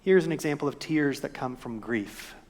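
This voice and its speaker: A pastor gives a sermon at normal speed, gentle and thoughtful, often closing his points with quiet rhetorical questions. His voice is a little high for a man, and the long reverb of a church sanctuary rings around him.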